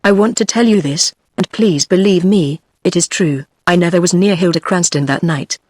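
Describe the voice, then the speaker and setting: A woman's voice: lowish voice, moderate pace, a little mellow, dry recording, studio quality, lightly acted. A text-to-speech woman's voice with a British English accent, reading the lines of an earnest, flustered young man. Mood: pleading. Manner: earnest, pleading.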